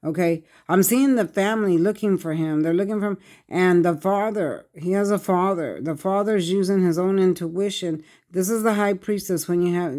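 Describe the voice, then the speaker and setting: Halting tarot reader with a drawl. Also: medium pitch, darkish tone. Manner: halting, repetitive, speaks in short bursts; earnest, addresses viewers directly. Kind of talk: tarot card reading monologue.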